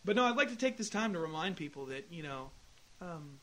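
A man's voice: on the high side, lively intonation, brisk, fairly bright tone, a little hiss or hum. A married man co-hosting a podcast, chatting loosely and cursing freely between laughs. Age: adult, married. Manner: profane, laughing, loose banter. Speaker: podcast co-host. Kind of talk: casual podcast chat.

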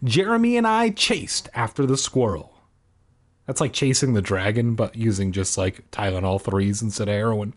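A man's voice: fairly low pitch, animated, moderate pace. A man reading a children's book aloud, cutting in with sarcastic jokes. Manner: sarcastic, jokey interruptions. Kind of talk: comedic book reading with asides.

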